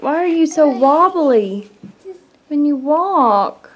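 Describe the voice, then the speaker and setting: Woman, very high voice, slow cooing baby talk; faint background noise. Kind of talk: casual home video.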